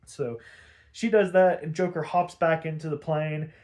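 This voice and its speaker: A man recaps an episode in loose, rambling sentences and swears freely as he goes. His voice sits a little above the typical male range and stays animated. The delivery is casual, like a host talking to regulars. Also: on the high side, a little slow. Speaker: podcast host.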